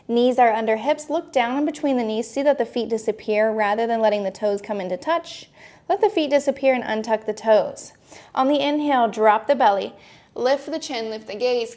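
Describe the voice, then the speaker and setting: A young adult woman teaching a gentle yoga class, giving calm, encouraging step-by-step cues. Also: a little high. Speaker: yoga instructor.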